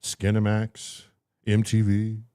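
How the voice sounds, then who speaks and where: A man's voice: fairly low pitch, slow pace, clean tone. A man casually telling a story on a talk show, acting out what people said and swearing freely. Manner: animated, acts out voices in his story. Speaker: podcast co-host telling a story.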